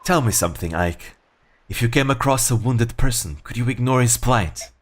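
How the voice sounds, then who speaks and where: A man doing a serene, soft-spoken monk. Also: mid-range voice, close to an everyday voice. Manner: calm, measured, soft-spoken. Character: serene, mysterious male monk, calm and gracious.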